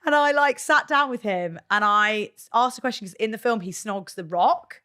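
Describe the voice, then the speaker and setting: A woman, talking casually on a podcast, chatty and swearing freely in quick bursts. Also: mid-range voice, sharp tone, clear, resonant tone. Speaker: podcast guest, presenter. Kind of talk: casual chat.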